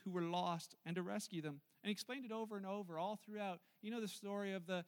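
High-voiced man preaching with lively stories. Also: fast, clean tone. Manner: lively storytelling, acting out quotes. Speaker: pastor. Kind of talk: sermon.

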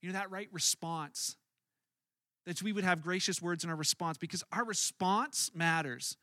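A man preaching a sermon as a pastor, conversational and animated, acting out his own angry outbursts in stories. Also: high voice, moderate pace, no room sound, clean studio sound.

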